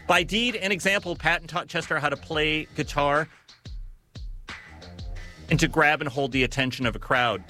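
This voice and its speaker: A man giving scripted narration on music history in a measured, storytelling manner with occasional self-corrections. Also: fairly high pitch, bright, forceful tone.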